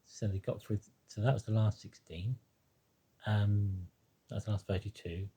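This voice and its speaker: A man talking casually about a football team, rambling and hesitant, with many pauses, ums and restarts. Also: on the low side, fairly even intonation, mellow, breathy edge. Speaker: football fan commentator. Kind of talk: casual spoken monologue.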